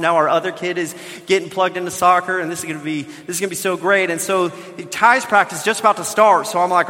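A man in his thirties, a pastor telling a lively family story in a sermon, now and then raising his voice. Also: fairly high pitch, fast, few pauses. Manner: animated storytelling with bursts of shouting. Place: church sanctuary. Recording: long reverb of a large hall.

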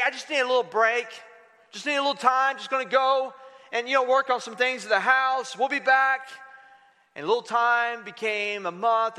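A man preaches in an animated style, dramatizing scripture as he goes. His voice sits high for a man and rings bright and forceful. Long reverb from a large hall trails each phrase. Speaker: pastor. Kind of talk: sermon.

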